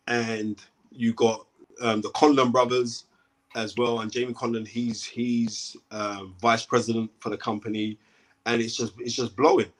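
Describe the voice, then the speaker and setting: A man, a boxing commentator, talking emphatically as a guest and often checking in with "right?". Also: medium pitch. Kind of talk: animated interview talk.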